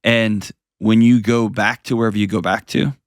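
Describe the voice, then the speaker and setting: A man's voice: fairly low pitch, fairly even intonation, moderate pace, dry recording, clean studio sound. A man hosting a call-in advice show, counseling a caller in an earnest, direct, plain-spoken way.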